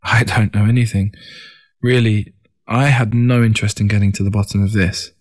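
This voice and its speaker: A man with a somewhat low voice reads a first-person story aloud. His delivery is calm and reflective, in steady audiobook narration. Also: brisk.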